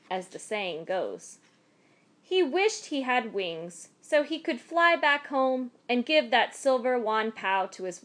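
A woman narrating a folk tale in a measured, expressive storytelling manner. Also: a little high.

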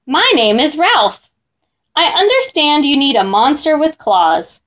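A woman's voice: sits high, sing-song, unhurried, fairly bright tone, full character voice. A woman playing a silky, prim monster. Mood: prim, polite. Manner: fussy and overly polite. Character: high, silky, prim male claw monster.

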